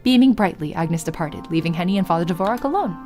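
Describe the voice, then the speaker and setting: A young woman streamer narrates a visual novel and banters with her chat, laughing often. Her speaking pitch is animated and moves a lot. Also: fast talker, soft background music. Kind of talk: let's play narration and chat.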